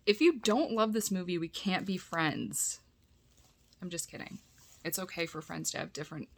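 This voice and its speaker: A woman's voice: on the low side, sing-song, moderate pace, fairly bright tone, rough recording. A woman vlogger chatting casually while unboxing tapes, gushing and giggly, often dropping into a whisper.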